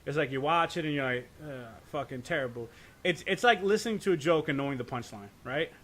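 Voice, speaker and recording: A man in a casual podcast chat, his voice sitting a little on the high side. He rambles and swears freely, often tossing in "right?" and tripping over his own restarts. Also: lively intonation, fast, fairly bright tone. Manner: profane, rambling rant with frequent "right?" and stammered restarts. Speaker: podcast co-host.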